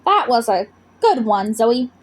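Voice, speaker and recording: Woman voicing a calm, cheerful forest monster. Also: a little high, a little slow. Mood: friendly, amused. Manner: calm, cooing and amused. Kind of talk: storybook read-aloud.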